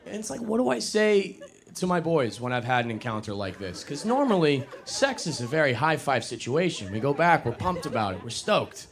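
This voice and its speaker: A young man doing a stand-up comedy set on a club stage, self-mocking and animated, jumping into loud put-on voices. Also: fairly high pitch, normal speed, hardly any pauses.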